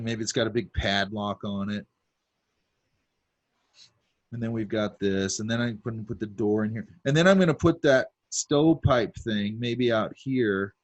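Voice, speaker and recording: Chill guy teaching drawing, rambles as he sketches, lots of um and you know. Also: fairly low pitch. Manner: talks while drawing, many fillers and asides. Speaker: art instructor. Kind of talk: casual drawing demonstration.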